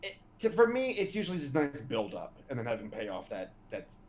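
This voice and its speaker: A man co-hosting a casual podcast, talking with enthusiasm and halting restarts. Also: mid-range voice, wildly swooping pitch. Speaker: podcast co-host. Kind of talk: casual chat.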